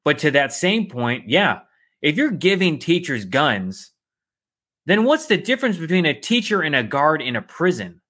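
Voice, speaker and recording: Sarcastic man with lively pitch. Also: moderate pace. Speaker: podcast co-host. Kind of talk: casual political chat.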